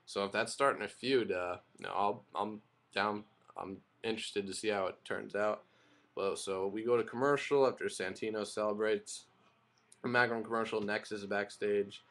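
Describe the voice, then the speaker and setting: A man's voice: on the low side, fairly even intonation, moderate pace, fairly bright tone. A young man casually recapping and reviewing a wrestling broadcast, rambling and opinionated, with frequent fillers and restarts.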